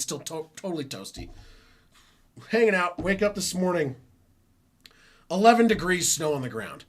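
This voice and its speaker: A man's voice: high voice, very animated, normal speed, pauses often. A man hosting a live football reaction stream from home, talking casually in a rambling, self-correcting way. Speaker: sports stream host.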